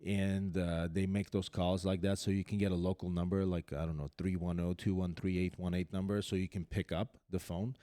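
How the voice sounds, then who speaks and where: A man's voice: deep voice, flat delivery, fairly quick, hardly any pauses, dark tone, dry recording, clean studio sound. A man hosting a podcast, chatting casually and running through news items with frequent fillers and restarts. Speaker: podcast host.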